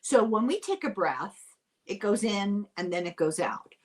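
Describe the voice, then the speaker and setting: An older woman from Ireland, hosting a casual podcast chat, animated and quick to laugh. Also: medium pitch. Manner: chatty and animated, laughs often. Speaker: podcast host.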